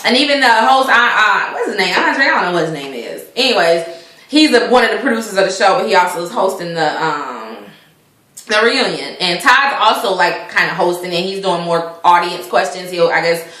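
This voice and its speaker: A woman's voice: medium pitch, lively intonation, normal speed, bright, forceful tone, roomy sound. A woman vlogger giving a casual, opinionated recap of a reality show, chatty and indignant, with many fillers and restarts.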